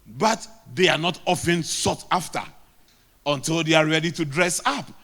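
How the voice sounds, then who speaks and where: Middle-aged Ghanaian pastor, male, raised pitch, preaching with emphatic repetition. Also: moderate pace, bright, forceful tone. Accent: Ghanaian English. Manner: emphatic preaching with repeated lines. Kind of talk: sermon.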